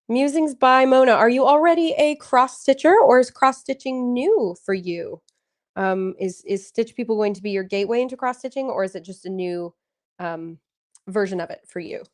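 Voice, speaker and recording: A woman in her own natural voice hosts a relaxed livestream. Her pitch sits in a middle range, and she keeps an encouraging, chatty tone as she answers viewers' comments one by one. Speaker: livestream host. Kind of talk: casual livestream chat.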